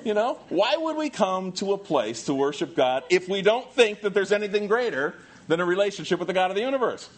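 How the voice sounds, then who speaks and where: A man preaches with a voice pitched a little high for a man, moving between loud, shouted exclamations and quiet, low-pitched passages. He reads scripture aloud slowly, leaning hard on each word, then drops back into direct, emphatic talk to the congregation. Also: very animated. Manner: reads scripture aloud with slow stressed delivery. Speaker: pastor. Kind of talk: sermon.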